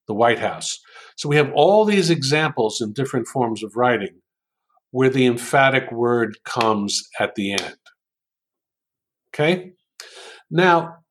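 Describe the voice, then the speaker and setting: Brief: man from New York, guest in an interview, unhurried speaker who muses aloud with frequent fillers, mid-pitched voice. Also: a bit bright. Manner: unhurried storytelling with many ums. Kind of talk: interview conversation.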